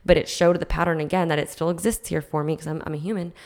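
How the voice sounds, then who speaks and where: A life coach hosts her own solo podcast, speaking earnestly, reflectively, and casually, with frequent restarts. Her voice sits low and is a little mellow, with a steady tone and a quick pace.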